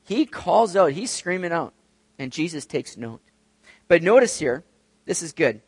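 A male pastor reading scripture aloud and preaching an expressive sermon. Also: on the high side, unhurried, husky, no room sound. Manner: expressive, acts out quoted voices.

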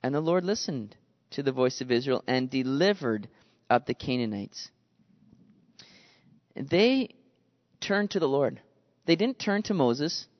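A man preaching a sermon in an animated way, acting out the voices he quotes. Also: mid-range voice. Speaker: pastor. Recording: dull lo-fi sound with long reverb.

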